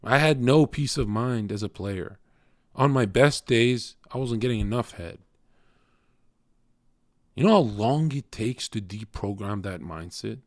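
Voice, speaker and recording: A man's voice: on the low side, lively intonation, unhurried, darkish tone, no echo, studio quality. A man streaming live, ranting bluntly and profanely at his chat in a confrontational way. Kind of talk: casual rant to a live chat.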